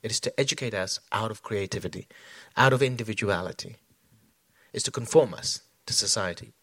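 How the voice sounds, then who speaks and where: A man's voice: lowish voice, fairly quick, fairly bright tone, husky, no echo. A man talking as a choreographer in an onstage conversation, reflective, with many fillers and restarts. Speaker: choreographer guest.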